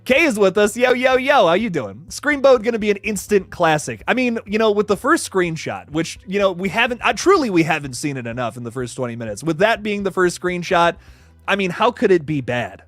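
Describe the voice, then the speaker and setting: Young male streamer, loose and profane, lively slightly high voice, dry close sound. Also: a little fast, no echo, faint music behind. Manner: animated, swearing, laughs often, reads chat aloud. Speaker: horror news host. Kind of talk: casual livestream chat.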